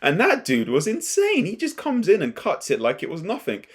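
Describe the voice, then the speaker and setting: A young man casually recapping and reacting to an anime episode, rambling and excitable with frequent restarts. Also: high voice, normal speed, breathy edge. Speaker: anime commentator.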